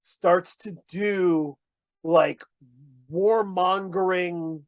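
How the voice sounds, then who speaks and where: A man's voice: sits high, steady tone, drawn-out words, dry recording. A man from Maine in a casual chat, telling stories with enthusiasm.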